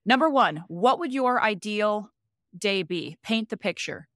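A woman's voice: mid-range voice, expressive, a little slow, fairly bright tone, no echo. A woman hosts a podcast interview with an upbeat, encouraging manner. Her voice sits in a middle range and is recorded dry and close, with no room sound. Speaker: podcast host.

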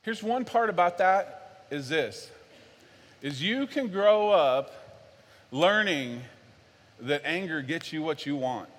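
A man with a fairly high voice delivers a sermon, moving from low and earnest to loud and worked-up. His words ring out with a long hall reverb behind them. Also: animated, slow pace, long pauses. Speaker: pastor.

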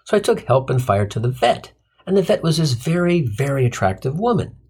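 A man with a husky voice tells a comic monologue full of tangents. His pitch swings widely as he builds to crude, sardonic punchlines. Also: very animated, fairly quick, darkish tone. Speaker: comic storyteller, podcast host.

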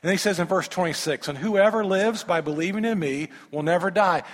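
A male pastor with a high voice preaches to his congregation, moving between scripture reading and lively commentary. He asks rhetorical questions and drops humorous asides. His voice carries the long reverb of a large church hall. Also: fairly quick.

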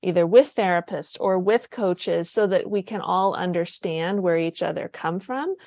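A woman's voice: fairly low pitch, moderate pace, darkish tone, no room sound. A woman hosting an interview, chatty and enthusiastic, often restarting her sentences. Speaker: podcast host. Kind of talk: casual interview chat.

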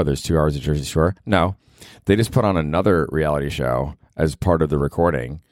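A very deep-voiced man rambles through a solo comedy podcast, loose and slangy, full of "like" and "dude." The sound is dry and close to the mic. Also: darkish tone, no room sound. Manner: rambling, slangy, laid-back, lots of "like" and "dude". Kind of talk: casual comedic monologue.

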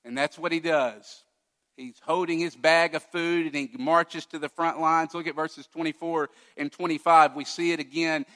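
Male pastor, bright and ringing tone, sermon delivery that moves from loud declarations to hushed lines. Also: on the high side, fairly even intonation, normal speed. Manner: emphatic, swinging between loud declarations and hushed asides.

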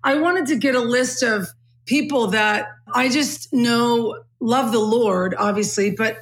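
Woman, podcast host, low textured voice, middle-aged, casual rambling chat. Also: slow pace. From California. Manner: rambling, thinks aloud with many fillers.

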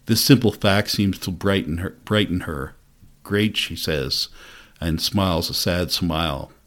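A man giving measured, reflective first-person narration of a novel for an audiobook. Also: low-pitched, a bit bright.

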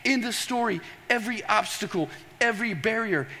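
High-voiced animated preacher in a big echoing hall. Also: male voice, moderate pace. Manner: animated, storytelling, asks the crowd questions. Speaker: pastor. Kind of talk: sermon. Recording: long reverb of a large hall.

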